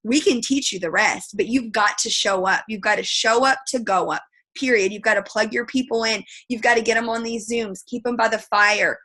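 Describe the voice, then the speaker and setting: Bright, emphatic woman on a video call. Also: a little high. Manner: emphatic, tough-love, rambling. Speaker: team leader. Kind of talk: motivational team call.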